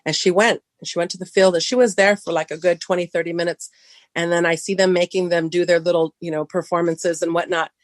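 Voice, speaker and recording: In a dry recording, a middle-aged woman from Southern California talks at a quick pace as a podcast guest telling her own story casually. She acts out the dialogue, and her voice jumps high when she's excited.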